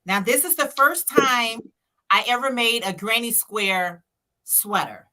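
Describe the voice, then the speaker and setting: Upbeat lady guest on a live chat, bright voice, higher pitch. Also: unhurried. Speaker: livestream guest.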